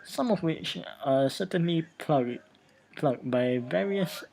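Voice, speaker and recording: A man's voice: fairly high pitch, animated, slow, gravelly, darkish tone, poor audio. A man hosting a let's play, reading a text game aloud and often stumbling and repeating words.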